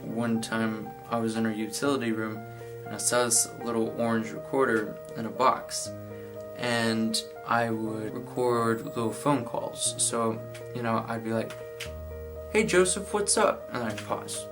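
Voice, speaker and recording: A man's voice: fairly low pitch, completely flat delivery, a little slow, poor audio. A sixteen-year-old boy talking candidly and reflectively about his own life. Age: teenage. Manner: candid, reflective, shifts into playful voices. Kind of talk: personal storytelling. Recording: music playing underneath.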